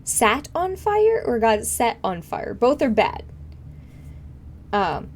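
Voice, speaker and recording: A woman's voice: a little high, sing-song, slow pace. Rambling young woman streamer. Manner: rambling, filler-heavy, frequent laughs. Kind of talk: casual chat with live chat.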